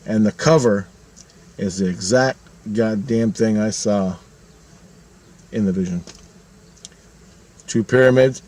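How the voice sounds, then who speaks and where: Middle-aged male vlogger, casual monologue, swears a lot, rambles, average pitch. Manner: profane, rambling, animated retelling.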